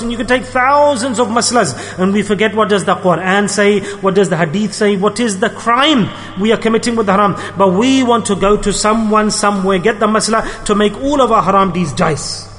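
A man's voice: sits high, fairly quick, hardly any pauses, a bit bright. A man delivering an emphatic sermon, repeating phrases for stress. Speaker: preacher. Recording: long hall reverb.

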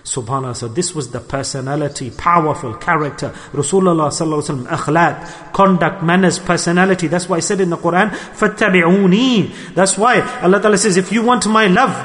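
A man preaching a sermon, telling a story with animated swings between loud exclamations and hushed asides. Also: on the high side, fast talker. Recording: long hall reverb.

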